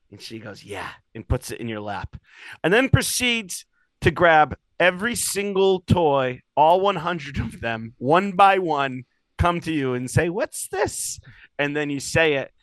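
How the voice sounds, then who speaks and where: A young man telling rambling, animated stories in casual podcast chat, swearing freely. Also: fairly high pitch, unhurried, no room sound, low-quality recording. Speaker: podcast co-host.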